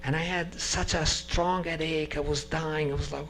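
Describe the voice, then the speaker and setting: Animated man telling a personal story. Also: a little high, moderate pace, slight background noise. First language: not English. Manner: animated, acts out voices of people in his story. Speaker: speaker sharing a personal testimony.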